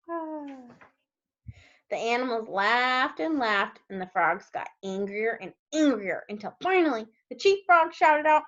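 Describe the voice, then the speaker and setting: A kindergarten teacher, a woman, reads a picture book aloud and gently checks in with the children. Her fairly high voice rises and falls in a lively sing-song. She reads slowly, and the recording sounds dull and lo-fi. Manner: gentle, asks children questions. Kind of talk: storybook read-aloud for young kids.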